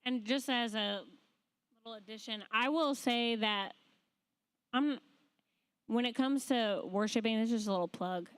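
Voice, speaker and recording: A woman's voice: a little high, measured pace, long pauses, clean tone. A woman on a church panel speaking frankly and reflectively. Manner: frank, reflective, self-aware.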